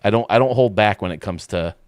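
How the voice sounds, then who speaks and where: Man, live-stream host, blunt ranting chat, lowish voice, dry sound. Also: quick pace, clear, resonant tone, no echo. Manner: blunt, ranting, restarts sentences.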